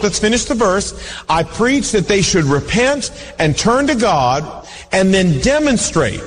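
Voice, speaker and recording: A man preaching a sermon as pastor, earnest and animated, telling stories and acting out voices. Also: sits high. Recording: reverberant hall.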